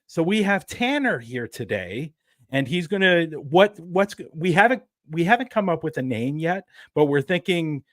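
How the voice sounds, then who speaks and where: A man's voice: fairly high pitch, big pitch swings, normal speed, fairly bright tone, no echo. Chatty male podcast host, dry sound. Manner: laughing, loose and chatty, with restarts. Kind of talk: casual chat.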